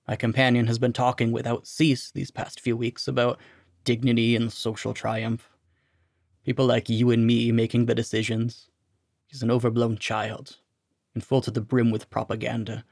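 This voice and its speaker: A weary captive officer speaks quietly and flatly, numb and resigned, voiced by a man reading a story. The voice is gravelly and the recording dry. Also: mid-range voice, moderate pace, no room sound.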